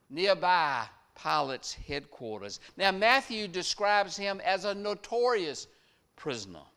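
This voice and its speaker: Slow, animated male preacher. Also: sits high, clean tone. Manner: dramatic storytelling delivery with sharp rises and drops in loudness. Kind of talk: sermon.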